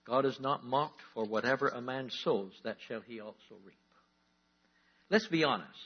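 Husky-voiced male pastor preaching. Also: mid-range voice. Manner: emphatic preaching, slowing on key words and rising to animated outbursts. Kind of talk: sermon. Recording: dull lo-fi recording.

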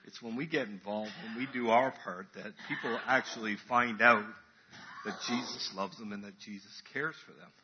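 A man's voice: lowish voice, moderate pace, highs cut off, noisy background. A man preaching a casual, chatty sermon in church, acting out crowd voices as he tells the story.

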